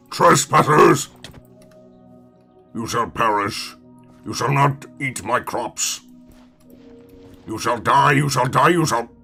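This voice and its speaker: A man putting on a ranting tyrant who loudly defends his crops with melodramatic threats. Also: mid-range voice, vocal fry, breathy edge, full character voice.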